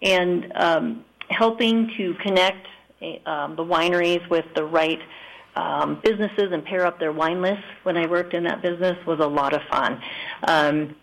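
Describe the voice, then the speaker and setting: A woman from South Dakota speaks as a radio guest in a studio, her voice a little low for a woman. She is friendly and earnest, and often pauses with little fillers. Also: vocal fry, rough recording. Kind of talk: radio interview answers.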